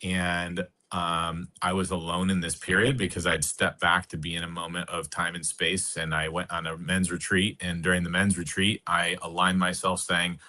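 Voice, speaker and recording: Deep, bright-toned man telling a story. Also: little pitch movement, moderate pace, few pauses. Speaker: podcast guest. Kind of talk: personal storytelling.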